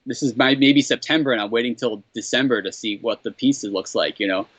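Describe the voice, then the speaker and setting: A man being interviewed as a comedy writer, telling a story in a loose, chatty way. He acts out the quoted exchanges in a higher voice and laughs often. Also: fairly quick, fairly bright tone, slightly rough, dry recording. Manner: laughs often, repeats "what the hell". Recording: dull, slightly lo-fi sound.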